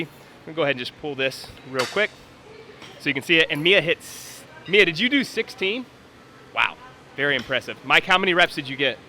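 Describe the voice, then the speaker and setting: A man's voice: on the high side, sharp tone, slight background noise. A man coaching and commenting live on a workout in a gym, explaining technique and calling out times.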